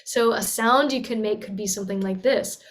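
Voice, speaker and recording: A woman's voice: mid-range voice, a little fast. A young woman voice teacher explaining and demonstrating with sung and sighed sounds. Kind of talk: teaching talk with vocal demonstrations.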